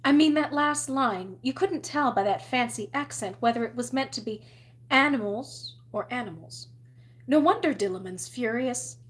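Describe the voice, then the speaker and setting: A woman's voice: fairly high pitch, animated, moderate pace, natural voice. A woman reading aloud, voicing a frank, wry young woman student.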